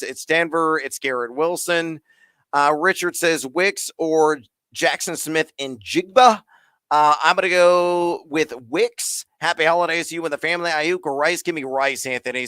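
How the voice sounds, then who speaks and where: Bright, crisp rapid-fire fantasy host. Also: male voice, fairly high pitch, no echo. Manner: rapid-fire, playful, hyped sign-offs. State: out of breath. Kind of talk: live Q&A answering chat questions.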